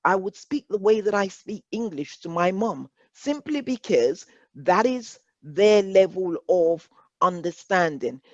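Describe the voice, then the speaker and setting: A woman's voice: mid-range voice, lively intonation, unhurried, no room sound. A woman leading a workshop discussion, speaking earnestly and reflectively, often repeating words as she works through a point. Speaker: workshop facilitator. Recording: dull lo-fi dry sound.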